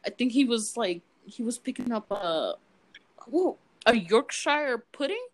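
A woman's voice: on the high side, unhurried. A young woman in casual chat, telling stories with lots of giggling. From United States. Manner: giggly, animated storytelling.

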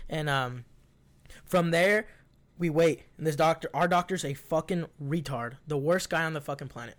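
Young man, casual storytelling, rambling, profane, lots of fillers, slightly high voice. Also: moderate pace. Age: young adult.

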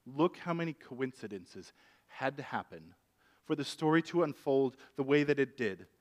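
Man, preacher, sermon storytelling, conversational, animated, average pitch. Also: moderate pace.

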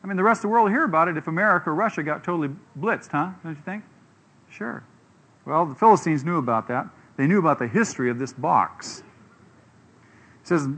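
A middle-aged man preaching a sermon in a fairly high voice. He retells the story with energy, acting out the people in it. He keeps turning to his listeners with questions. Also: fast, slightly rough. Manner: animated, acts out quoted voices, asks the audience questions.

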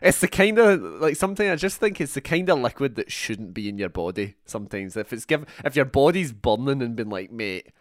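A man's voice: mid-range voice, expressive, a little fast, hardly any pauses, dry recording, studio quality. A Scottish man hosting a podcast, chatting casually about film, laughing often and acting out the people he quotes. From Scotland. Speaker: podcast host. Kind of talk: casual chat.

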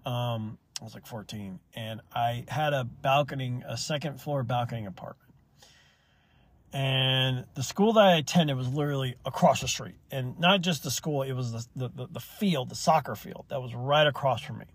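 A man's voice: medium pitch, moderate pace. A young man hosting a solo opinion podcast, rambling and swearing freely as he argues his views. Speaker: podcast host.

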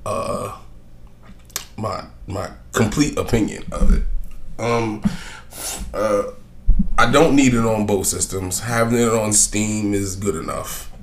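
A man's voice: lowish voice, takes it slowly, pauses often, a little hiss or hum. Profane rambling man hosting a podcast. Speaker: podcast host. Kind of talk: casual solo podcast rant.

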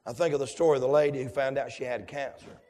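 A male preacher, delivering a fervent sermon that swings from hushed tones to shouts. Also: mid-range voice, steady tone, fast, big-room sound.

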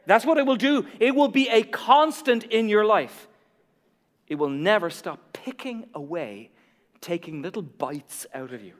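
A man preaching a sermon, emphatic and repetitive, swinging from hushed to loud. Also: very high voice, lively intonation, measured pace. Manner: emphatic, repeats key lines, drops to near whisper then builds. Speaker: pastor. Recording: long reverb of a large hall.

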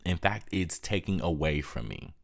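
A man's voice: low-pitched, animated, normal speed. A young man hosting a podcast, speaking candidly and bluntly, exhausted and depressed, worn down and swearing often. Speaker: podcast host. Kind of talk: candid monologue.

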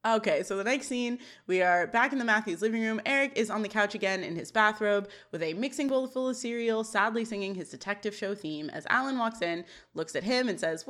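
A woman's voice: medium pitch, brisk, hardly any pauses, a bit bright. A woman co-hosting a podcast, recapping episode scenes in casual chat, quoting characters and laughing often. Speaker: podcast co-host.

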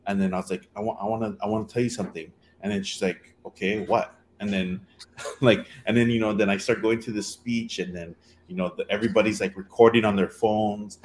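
A man tells a story in a relaxed chat. He rambles, leans on fillers and acts out quoted lines. A faint hum of the room sits behind him. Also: fairly low pitch, a little fast.

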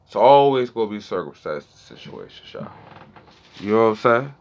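In a sing-song, creaky voice at a moderate pace, a man in his thirties vlogs casually to his viewers, swearing and using slang as he rambles. He alternates between mumbling low and getting loud, and the recording has a dull lo-fi quality.

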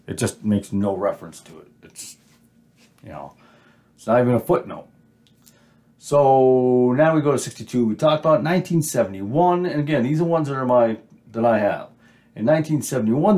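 A man with a North Dakota accent talks in a low but lively voice, pressing his points hard and drifting between asides. He records on an amateur home mic, so his level dips when he turns away. It sounds like a casual solo podcast. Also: breathy edge. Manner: argumentative, emphatic, rambling. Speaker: podcast host. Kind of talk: casual solo commentary on Bible versions. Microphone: amateur home mic, moves off-mic when turning.

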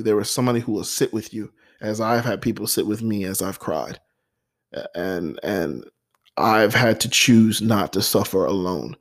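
Earnest man with a lowish voice. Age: adult with a nine-year-old son. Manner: earnest, heartfelt, repeats himself. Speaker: podcast host. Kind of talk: personal motivational monologue.

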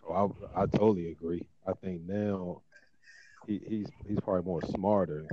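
A man in a casual sports debate who speaks in a relaxed, low-key way with many fillers. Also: moderate pace, dull audio, noisy background. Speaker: panelist.

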